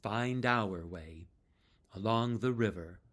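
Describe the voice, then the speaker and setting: A man telling a tribute story about a fellow performer, with slow pauses. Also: fairly low pitch, fairly bright tone.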